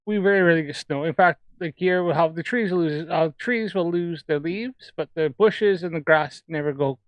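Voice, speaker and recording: A man's voice: fairly high pitch, moderate pace, dry recording, lo-fi sound. A man from Alberta, Canada, with a Canadian accent, rambling in casual chat while hosting a livestream. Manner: rambling, chatty. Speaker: livestream host.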